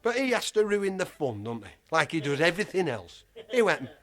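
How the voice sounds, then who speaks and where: A man's voice: fairly high pitch, big pitch swings, brisk, a bit bright. A man telling a comic anecdote to a live audience, rambling, exasperated and swearing freely as he acts out the voices of the other people in it. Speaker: comic storyteller.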